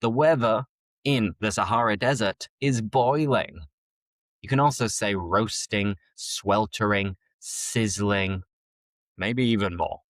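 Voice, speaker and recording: A man's voice: fairly low pitch, fairly bright tone, dry recording. A man with a Yorkshire accent, teaching vocabulary on a podcast and stretching out key words so learners can catch them. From northern England. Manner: slow, clearly enunciated teaching with drawn-out key words. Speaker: English teacher. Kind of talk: podcast lesson.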